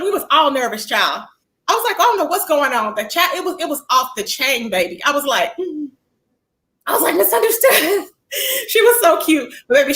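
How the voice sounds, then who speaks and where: Woman streamer, high bright voice, chatty and animated, greets chat by name. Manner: chatty, animated, greets viewers by name, calls them baby and child. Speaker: livestream commentary host. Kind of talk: casual livestream commentary.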